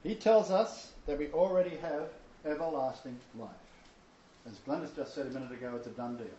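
A man's voice: fairly high pitch, a little fast, mellow, echoey room, dull audio. A man teaching a Bible lecture to a small seated audience, emphatic and joking, with chuckling asides. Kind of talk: informal sermon lecture.

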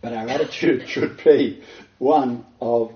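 A man preaching a sermon as pastor, animated and emphatic, often breaking into laughter. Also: medium pitch, slow, roomy sound, highs cut off.

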